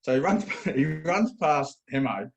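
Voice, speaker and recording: A man's voice: on the high side, animated, unhurried, gravelly. An Australian man, a football coach and guest, telling a funny coaching story in casual chat. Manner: laid-back, laughs at own story.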